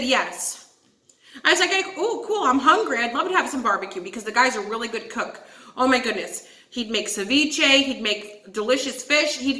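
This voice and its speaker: In an echoey room, a channel host tells a story on her laid-back storytime vlog. She's a young woman with a fairly high, sharp-toned voice, and she talks animatedly, curses, and addresses viewers as "guys."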